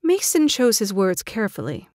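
A woman narrating an audio drama in a measured, dramatic storytelling style. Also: medium pitch, sing-song, darkish tone, no room sound, clean studio sound. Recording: narration over clear music.

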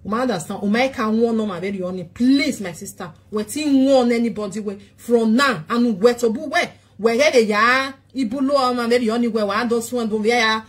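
A woman's voice: on the high side, a little fast, few pauses, breathy edge. A woman with a Nigerian accent pleading at length in a casual talk show monologue, repeating short questions.

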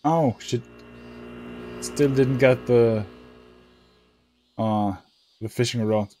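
A man playing a role-playing game, reading its dialogue aloud and thinking out loud in a relaxed, halting way. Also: mid-range voice, soft background music. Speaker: let's play gamer.

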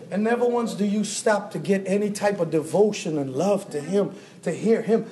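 A man preaching a sermon in a church, telling stories and acting out the dialogue with animated energy. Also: high-pitched. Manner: animated storytelling, acts out dialogue with laughter. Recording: echoey hall, mic at a distance.

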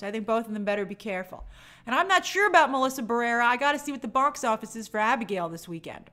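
Her voice is on the high side and slightly bright. Running a casual live stream for a movie channel, she reads out viewer comments and responds with chatty, opinionated answers.

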